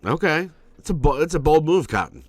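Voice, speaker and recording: A man's voice: fairly high pitch, very animated, fairly quick, no room sound. A man co-hosting a podcast in casual chat, laid-back and jokey, with lots of "um" and "you know". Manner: laid-back, joking banter with frequent fillers. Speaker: podcast co-host.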